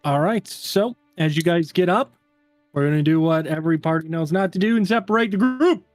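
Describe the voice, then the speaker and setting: A man's voice: on the high side, fairly quick, soft background music. A man narrating a tabletop game as game master, in a casual style full of fillers.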